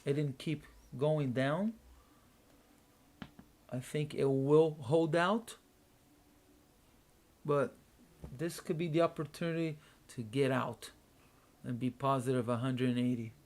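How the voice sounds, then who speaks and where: A sleepy man talks through his trades, half to himself. He speaks slowly and at an even, middle pitch, pausing and restarting as he thinks. The delivery is casual and drowsy. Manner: unhurried, muttering to himself with pauses and restarts. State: sleepy, yawning. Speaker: day trader streaming a live trading room. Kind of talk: casual thinking aloud while trading.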